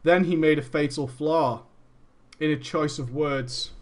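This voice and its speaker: Brief: high-pitched male streamer, reads a story aloud, laughing, mocking asides. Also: slow. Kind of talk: reading a story aloud with commentary.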